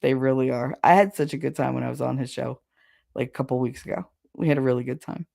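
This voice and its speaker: Speaking quickly in a deep, gravelly yet mellow voice, a woman podcast host shares candid, gossipy tales about her family. The chat is relaxed and full of laughter, captured in studio quality without echo.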